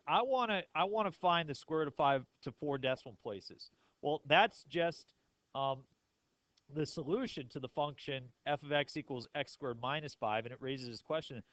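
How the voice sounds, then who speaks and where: A man's voice: mid-range voice, no room sound, poor audio. Casual, joking man teaching math. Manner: casual, joking, asks the class questions. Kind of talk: classroom lecture.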